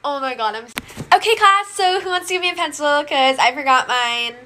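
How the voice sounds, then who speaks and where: A klutzy, scatterbrained schoolgirl flusters her way along, as a woman acts her out. Her voice is high, bright and sharp. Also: animated, brisk, a little hiss or hum. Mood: flustered. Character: klutzy self-proclaimed quirky schoolgirl.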